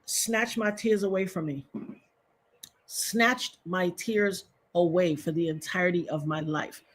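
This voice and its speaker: A husky, breathy woman in her fifties tells a personal story on her livestream. She speaks to her viewers directly, circles back and repeats herself, and grows emotional as she goes. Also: lowish voice, fairly even intonation, a little slow. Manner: emotional, repetitive, talks straight to viewers. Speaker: livestream host.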